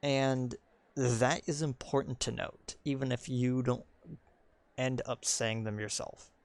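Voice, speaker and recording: A man's voice: medium pitch, steady tone, slow pace, dry recording. A young man giving casual commentary while streaming a video game, rambling and full of ums and likes.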